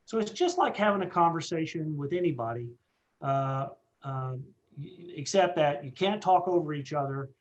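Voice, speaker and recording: A man's voice: a little high, animated, moderate pace, dull audio. A middle-aged man leading a radio communications training session, earnest and repetitive, with many fillers and restarts. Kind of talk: training presentation.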